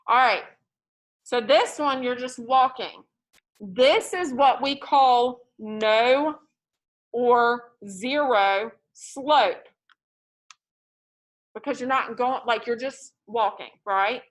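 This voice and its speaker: A woman teaching a math class in a classroom, lively and joking as she tells stories to her students. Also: on the high side.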